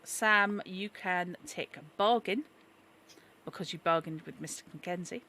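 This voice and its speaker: A woman running a tabletop horror game as game master, chatty and quick to correct herself and apologise. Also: on the low side, bright, forceful tone, a little hiss or hum.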